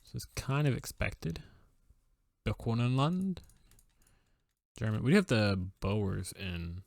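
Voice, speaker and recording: A man's voice: fairly low pitch, big pitch swings, slow, vocal fry, a little mellow, no room sound. A young man casually commenting on his strategy game, musing aloud with fillers and wry asides.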